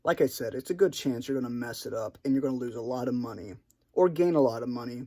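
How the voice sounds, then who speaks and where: A fast-talking, animated man with a dark, mid-range voice delivers an unscripted solo piece for his channel. He's hesitant and rambling, with many restarts, and conscious of his own awkwardness.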